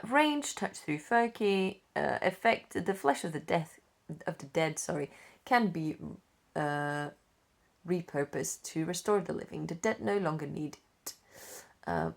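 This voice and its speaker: A young woman casually reading tabletop game rules aloud, unhurried, with frequent fillers and self-corrections. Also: lowish voice, creaky. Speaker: rulebook reader.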